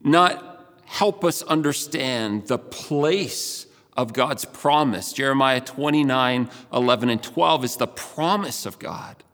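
A man's voice: mid-range voice, slow pace, a bit bright. A man preaching a sermon as pastor, earnest and conversational with frequent restarts. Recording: long hall reverb.

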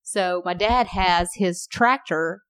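Animated woman telling stories. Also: on the low side, takes it slowly, clean tone, no room sound. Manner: animated storyteller, laughs through stories. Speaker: co-host. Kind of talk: casual storytelling chat.

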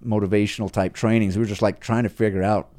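Low-voiced man telling a story animatedly. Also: fast. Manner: animated, acts out his own past thoughts. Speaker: podcast guest, horse trainer. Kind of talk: casual storytelling.

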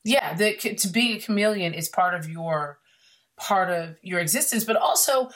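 A woman's voice: fairly low pitch, lively intonation, moderate pace, fairly bright tone. A woman hosting a podcast interview, agreeing readily and asking probing follow-up questions. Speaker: podcast host. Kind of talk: interview conversation.

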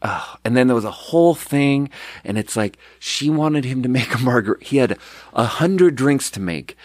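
A mid-pitched man tells a long story in loose podcast chat, circling back and restarting sentences. He swears freely and acts out other people's lines. The recording is dry and close to the mic. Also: expressive, normal speed, dry recording. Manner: rambling, profane, with restarts and quoted dialogue. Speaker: podcast host, restaurant manager.

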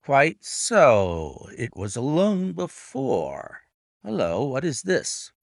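A man's voice: mid-range voice, wildly swooping pitch, slow pace, vocal fry, no echo, clean studio sound, voice pushed up, exaggerated voice. A man doing a cool, assured detective. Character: calm, clever male detective, cool and assured.

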